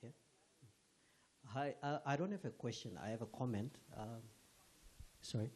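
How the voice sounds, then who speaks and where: Man from Namibia, audience comment, emphatic, restarts phrases, mellow, breathy. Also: mid-range voice, normal speed. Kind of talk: speaking from the floor at a book launch. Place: event hall with audience.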